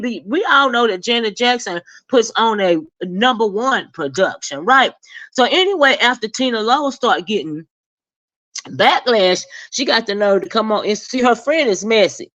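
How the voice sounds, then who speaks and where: A woman hosting a casual celebrity gossip talk with speech, sassy and animated, leaping high in pitch when she acts out her own reactions. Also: moderate pace, no echo. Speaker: gossip commentary host.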